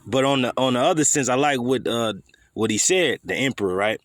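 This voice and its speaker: Male preacher, mid-pitched, dry close sound; confrontational, profane, slangy scripture sermon. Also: brisk, fairly bright tone, no room sound.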